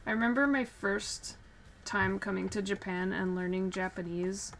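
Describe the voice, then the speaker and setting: A woman streaming casually while drawing, chatting and laughing often, getting animated when she tells a story. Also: medium pitch, moderate pace, vocal fry, a little hiss or hum.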